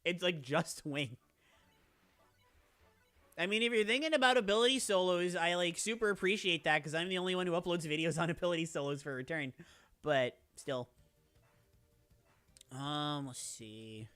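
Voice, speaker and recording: High, bright-voiced playful male streamer. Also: normal speed, long pauses, clear, resonant tone. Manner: rambling and playful, full of "like" and restarts; reads and answers chat. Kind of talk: casual live-stream chat.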